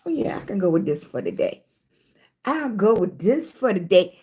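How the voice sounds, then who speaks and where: A woman's voice: mid-range voice, very animated, mellow, breathy edge. A woman chatting casually on a live stream from her phone, greeting viewers, slightly congested after a hospital stay. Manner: chatty, greets viewers, drawn-out emphatic talk. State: recovering from illness, congested.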